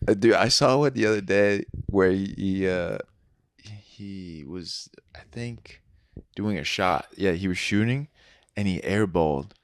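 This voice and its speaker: A man's voice: sits low, unhurried, clear, resonant tone, no room sound, studio quality. A man co-hosting a podcast in casual chat, telling laid-back stories and swearing freely. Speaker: podcast co-host.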